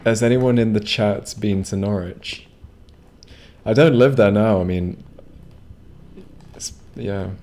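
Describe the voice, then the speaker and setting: A man on a live game stream with a fairly low voice. He rambles casually and swears freely, chatting with his viewers between moves. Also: slow pace, pauses often, a little mellow. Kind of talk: casual live gameplay commentary.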